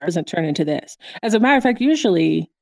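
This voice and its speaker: A woman's voice: fairly low pitch, expressive, fast, creaky, no echo, clean studio sound, faint music behind. A woman co-hosting a podcast, chatting casually and animatedly about a cartoon episode, often laughing. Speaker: podcast co-host. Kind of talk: casual chat recapping a cartoon.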